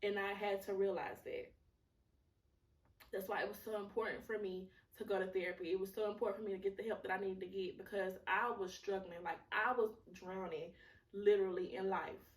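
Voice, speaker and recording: Recorded on a distant mic in an echoey room, a podcast host with a mid-range voice recounts her personal testimony. She's candid and emotional, cursing freely and leaning on lots of fillers.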